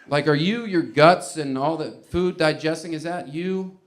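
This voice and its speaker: A male stand-up comedian working through a set with a slightly higher-than-usual voice. He rambles in a loose, conversational way and often laughs at his own jokes as he goes. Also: moderate pace. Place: comedy club stage before a live audience.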